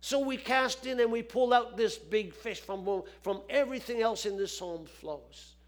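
A man's voice: extremely high pitch, measured pace. A man preaching a sermon, folksy and repeating phrases for emphasis.

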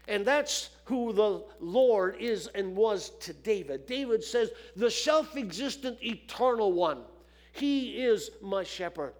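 A man's voice: high voice, expressive, slow pace. A man preaching a sermon, folksy and repeating phrases for emphasis.

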